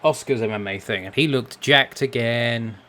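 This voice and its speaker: A man's voice: medium pitch, normal speed, sharp tone. A tired man chatting casually and joking while commentating on a game he plays, rambling and restarting his sentences. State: tired, yawning. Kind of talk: casual chat over gameplay.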